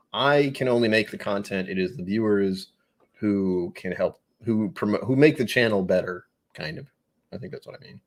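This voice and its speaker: A man hosting a live whiskey tasting stream, chatting casually, rambling and joking at himself as he reads viewer comments. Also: fairly low pitch. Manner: rambling, self-mocking, reads chat comments aloud. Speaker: whiskey channel host.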